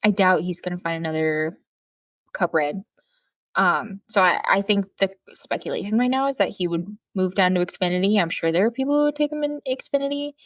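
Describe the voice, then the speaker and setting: A woman co-hosting a podcast in casual chat, hedging her opinions and dropping deadpan quips. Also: mid-range voice, fairly quick, dry recording, clean studio sound. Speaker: podcast co-host.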